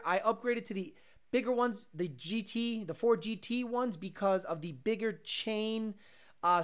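A woman hosting a casual livestream, reading comments and answering bluntly, with profanity and Spanish slang mixed in. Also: mid-range voice. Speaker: streamer and car enthusiast host.

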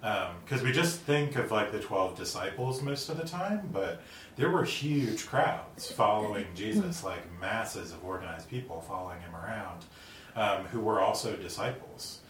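Man, very low voice, earnest casual faith talk, echoey room, distant mic. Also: expressive, normal speed, fairly bright tone, a little hiss or hum. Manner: earnest, with frequent likes and ums. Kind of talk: casual discussion about faith.

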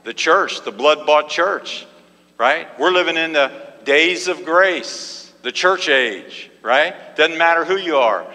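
A man's voice: medium pitch, bright, forceful tone, in a large hall. A man preaching a sermon in an emphatic call-and-response style, with frequent repeated exclamations.

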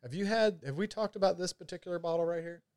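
A man's voice: high-pitched, quick pace, darkish tone, dry recording, studio quality. A man chatting casually about whiskey and gin, rambling and swearing freely. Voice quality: loose, profane, rambling delivery. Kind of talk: casual chat.

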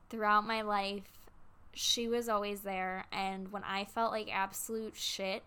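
A young woman in her twenties, close to tears, telling a personal story to camera in a halting way with many pauses and fillers. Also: medium pitch, a bit bright, smooth. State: tearful, close to crying. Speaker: vlogger.

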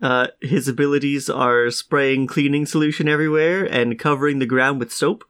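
A man's voice: mid-range voice, steady tone, normal speed, a bit bright, clear, resonant tone. A man co-hosting a casual podcast chat, sick with a cough, telling stories in a dry, wry way. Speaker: podcast co-host.

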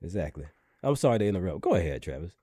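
A man with a fairly low, mellow voice co-hosts a podcast, easygoing and quick to joke. He sounds a bit congested from allergies. The sound is dry and close. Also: dry recording. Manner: easygoing, joking, animated storyteller. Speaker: podcast co-host. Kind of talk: casual chat.

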